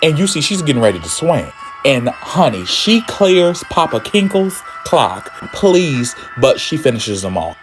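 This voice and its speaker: A man's voice: a little high, very animated, unhurried, hardly any pauses, soft background music. A man casually summarizing a comic book story, with campy, sassy asides and swearing.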